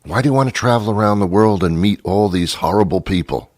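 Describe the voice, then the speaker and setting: A man's voice: fairly low pitch, a little fast, a little mellow, no echo. A middle-aged man hosting a talk show, delivering an exasperated comic rant full of rhetorical questions into a studio mic. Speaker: radio show host.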